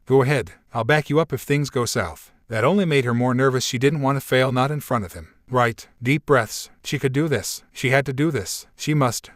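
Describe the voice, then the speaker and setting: Guy reading fanfic out loud, steady even delivery, mid pitch, dead dry mic. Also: dry recording. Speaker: story reader. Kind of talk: fan fiction narration.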